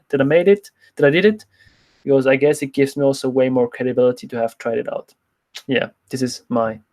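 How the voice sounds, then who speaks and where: Swiss guy coaching folks on a live stream, rambles and restarts a lot, medium voice. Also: medium pitch. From Switzerland. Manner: candid, rambling, frequent restarts. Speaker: fitness coach. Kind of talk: livestream Q&A chat.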